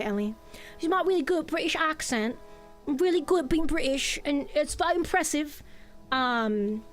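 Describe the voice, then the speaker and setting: A woman's voice: high voice, fairly bright tone. A woman livestreaming a video game, chatting playfully and rambling with her viewers. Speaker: streamer. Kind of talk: live game-stream chat. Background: faint game music.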